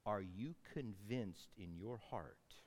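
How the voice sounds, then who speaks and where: A man preaching a sermon, telling a Bible story with animated swings between loud outbursts and hushed asides. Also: fairly low pitch, takes it slowly, in a large hall. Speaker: pastor.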